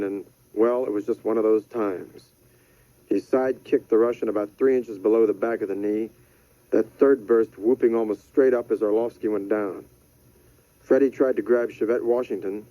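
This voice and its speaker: A man narrating a thriller audiobook in a measured, deadpan manner. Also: lowish voice, no room sound. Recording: dry, slightly dull studio audio.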